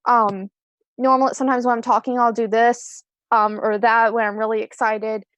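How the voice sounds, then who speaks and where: A woman's voice: a little high, flat delivery, normal speed, a bit bright, no echo. A young woman on a video call, chatting casually as a screenwriter guest, rambling and self-deprecating with many ums and restarts. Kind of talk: casual live-stream interview.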